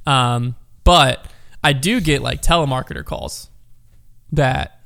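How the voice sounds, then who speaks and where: Smooth-voiced man telling a story. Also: medium pitch, slow pace. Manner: storytelling, animated, many fillers. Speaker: podcast co-host. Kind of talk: casual chat.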